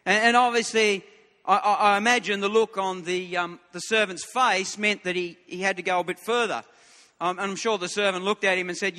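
A man's voice: sits high, fairly even intonation, brisk, sharp tone, in a large hall. A man preaching a sermon in an earnest way, often repeating words as he starts a new thought.

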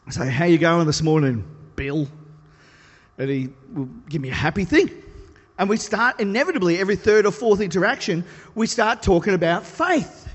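A man preaching a sermon, telling stories in an animated, self-deprecating way. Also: high voice, a little fast, breathy edge, highs cut off. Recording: long reverb of a large hall.

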